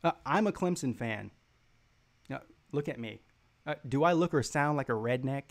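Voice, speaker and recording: A man's voice: mid-range voice, expressive, moderate pace. A man with a Southern American accent hosting a sports live stream, reading viewer comments and answering with rambling, mocking trash talk full of fillers and restarts.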